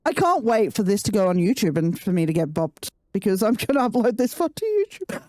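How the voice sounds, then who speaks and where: A woman's voice: medium pitch, sing-song, fairly quick, darkish tone, no echo, clean studio sound. A woman live-streaming a game, ranting and swearing in casual chat with her viewers. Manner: profane, ranting, laughing.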